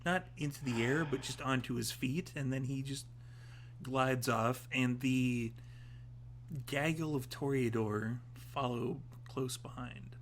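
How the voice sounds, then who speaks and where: Slow-talking male game storyteller. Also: mid-range voice, slight background noise. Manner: slow, hesitant narration with fillers. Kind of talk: narrating and voicing characters in a tabletop game.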